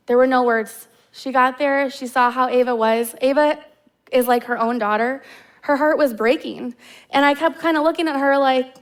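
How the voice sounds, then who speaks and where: A woman's voice: high voice, fairly even intonation, moderate pace. Heartfelt woman preaching a personal sermon. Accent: Midwestern American. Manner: heartfelt storytelling with casual fillers. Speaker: guest preacher. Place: church stage.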